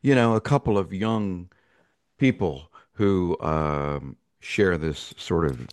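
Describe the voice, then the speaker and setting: Low, drowsy-voiced man in a dry studio. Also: darkish tone, no room sound. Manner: halting, many fillers and restarts. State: just woke up, morning voice. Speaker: musician guest. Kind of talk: casual interview chat.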